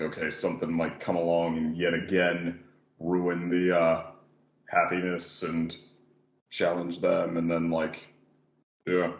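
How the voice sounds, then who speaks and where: A man's voice: sits low, reverberant, muffled recording. A man hosting a casual podcast about animation, rambling with lots of fillers. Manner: rambling, many "like" and "yeah" fillers. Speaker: podcast host.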